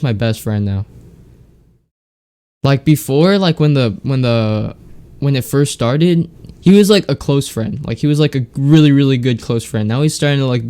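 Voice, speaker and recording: A man's voice: mid-range voice, darkish tone. A teenage boy hosting a podcast alone, rambling in casual chat with lots of fillers and restarts, sounding congested from a sore throat. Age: teens. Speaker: podcast host. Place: home, alone.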